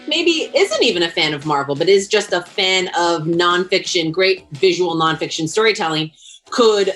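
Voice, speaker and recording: Low-voiced polished female producer. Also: a bit bright. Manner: polished, pitch-like. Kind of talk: interview answer.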